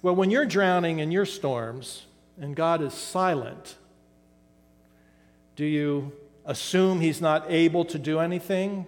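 Older preacher in a reverberant hall. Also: male voice, on the high side. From western Pennsylvania. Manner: dramatic pauses, trailing off softly on key words. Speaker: pastor. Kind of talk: sermon.

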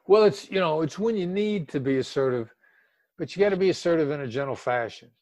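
A man's voice: fairly high pitch, expressive, brisk, darkish tone, dry recording. An older man speaking as an expert guest in a casual interview, emphatic and drawing out words for stress.

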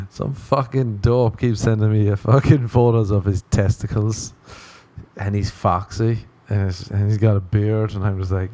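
A man's voice: on the low side, a little slow, warm tone. A man hosting a podcast, rambling through a crude comic monologue, mocking himself and laughing at his own jokes. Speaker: podcast host.

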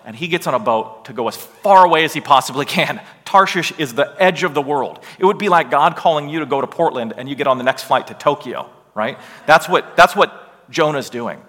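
A male Bible teacher lecturing with slides in an animated, emphatic way, often tossing in a rhetorical "right?". His tone is bright and forceful. A long reverb trails off after each phrase, as in a large hall. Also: fairly high pitch, a little fast.

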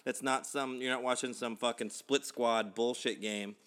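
A man's voice: mid-range voice, steady tone, moderate pace, a bit bright. Rambling man talking baseball. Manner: rambling, with frequent restarts and swearing. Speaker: podcast co-host. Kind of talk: casual sports chat.

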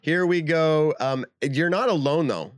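A man's voice: a little high, unhurried. A man hosting a podcast game segment, laughing often and keeping the quiz moving with upbeat patter. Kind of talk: casual chat.

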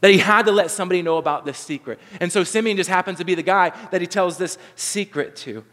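A man's voice: high-pitched, quick pace, fairly bright tone. A man in his thirties preaching a sermon, earnest and conversational, often restarting his sentences. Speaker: pastor. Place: church sanctuary. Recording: long reverb of a large hall.

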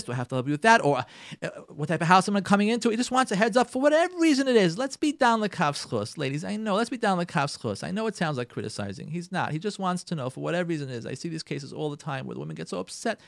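A radio host with a high, fairly bright voice gives marriage advice on Jewish community radio, recorded in clean studio quality with no room sound. He speaks emphatically, repeats phrases, and acts out quotes from husbands and wives.

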